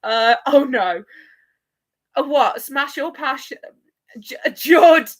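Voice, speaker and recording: A woman's voice: sits high, slow pace, fairly bright tone. A woman hosting a live watch-along, chatting playfully with viewers and laughing often. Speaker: livestream host.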